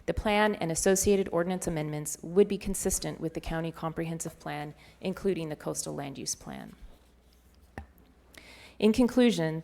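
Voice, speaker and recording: A woman from county planning staff giving a formal presentation to a board, reading in a measured way. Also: sits low, a little mellow.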